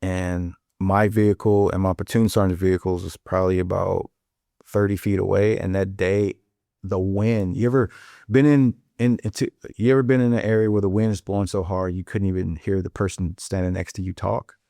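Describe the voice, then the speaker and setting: Low-voiced vet guy telling his war story straight, swears a lot, dry sound. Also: flat delivery, normal speed, gravelly, warm tone, dry recording. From St. Louis, USA. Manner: blunt, profane, vivid war storytelling. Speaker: Marine veteran guest. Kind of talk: storytelling in an interview.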